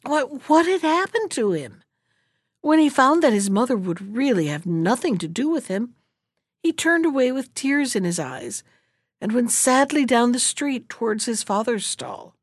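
Female fairy-tale reader, animated delivery, dry close mic. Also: on the high side, measured pace, no echo. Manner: expressive, storytelling.

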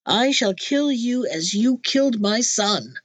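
A woman reading a storybook, voicing a merciless male genie in a slow, grim, deliberate way. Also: fairly high pitch, animated, dry recording. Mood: menacing.

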